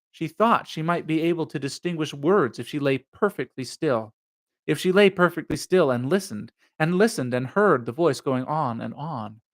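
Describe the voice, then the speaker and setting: A man's voice: on the high side, a bit bright. A man hosting a live reading of a novel, narrating steadily and then musing about the story in casual asides. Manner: measured narration, then musing unscripted commentary. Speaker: host reading a novel aloud.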